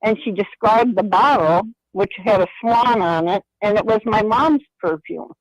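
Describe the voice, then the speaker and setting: An older woman calls in over a dry, close telephone line. She is chatty and tells her story by acting out every back-and-forth in quoted dialogue. Her voice sits at a middling pitch. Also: normal speed, no echo. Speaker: caller. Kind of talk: phone-in storytelling. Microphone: phone.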